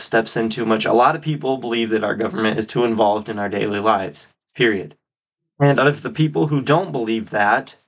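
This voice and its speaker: A man hosting his own podcast, giving solo political commentary with emphatic, drawn-out stresses on key words. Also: medium pitch. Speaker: podcast host.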